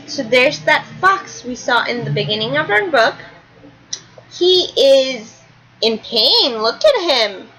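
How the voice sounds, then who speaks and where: A woman's voice: fairly high pitch, lively intonation, measured pace, pushed and bright, low-quality recording. A woman teacher reading a picture book aloud to a class, stopping to explain words and pictures.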